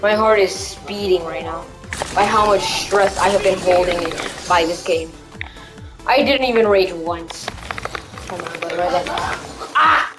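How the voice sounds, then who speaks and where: A young woman playing a video game and commenting, often yelling and cheering at what happens on screen. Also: lowish voice, normal speed, poor audio. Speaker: gamer. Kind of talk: let's play commentary. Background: game music.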